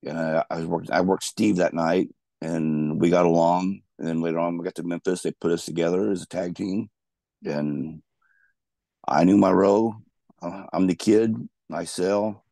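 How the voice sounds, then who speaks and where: A low, gravelly man tells loose, rambling stories about his wrestling career. His tone is dark and mellow, and the sound is dry and close. He restarts his sentences often as he talks. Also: fairly even intonation, normal speed, no echo. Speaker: guest, former pro wrestler. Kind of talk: casual storytelling interview.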